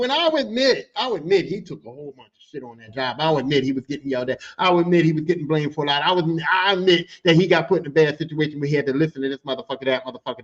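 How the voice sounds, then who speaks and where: High-pitched man, casual profane storytelling, acts out voices, muffled lo-fi sound. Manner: profane, animated, acts out quoted people. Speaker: podcast host telling a story. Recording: dull lo-fi sound.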